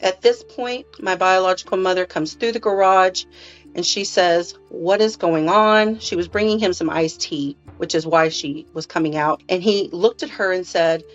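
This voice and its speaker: A woman speaking as an interview guest, telling her personal story in a halting way with restarts and repeated words. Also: lowish voice, highs cut off, faint music behind.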